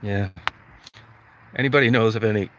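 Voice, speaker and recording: A man's voice: fairly low pitch, moderate pace, fairly bright tone, a little hiss or hum. Crude, swearing man ranting on a livestream. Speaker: livestream host. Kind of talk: profane comedic rant.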